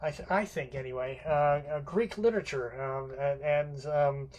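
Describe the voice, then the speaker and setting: A man's voice: a little high, steady tone, moderate pace, a little mellow. A man giving an unscripted literature lecture, rambling with many fillers and restarts and some casual swearing.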